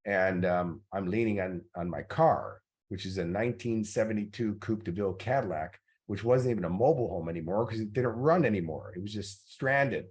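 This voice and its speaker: A man's voice: fairly low pitch, brisk, few pauses, darkish tone. A middle-aged man, a motivational coach, tells stories in a master class talk, with many fillers along the way. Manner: anecdotal storytelling with many fillers.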